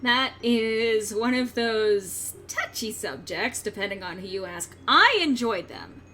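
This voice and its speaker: A woman's voice: fairly high pitch, lively intonation, slow, sharp tone, faint music behind. A woman streamer chatting playfully and casually with a friend during a game stream.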